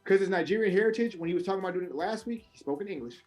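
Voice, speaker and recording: A man on a casual wrestling podcast, ranting with plenty of swearing and an animated delivery. His voice sits a bit high for a man. He swings from loud, high outbursts down to low mutters. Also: very fast, faint music behind. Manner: animated, profane ranting with big pitch swings. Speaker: podcast co-host.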